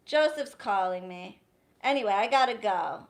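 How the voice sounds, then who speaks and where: Brief: woman live-streamer, slightly high voice, blunt and exasperated, swears freely. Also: expressive, normal speed. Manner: blunt, profane, exasperated, addresses viewers directly. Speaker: spiritual practitioner giving advice on a live stream. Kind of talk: casual live-stream talk.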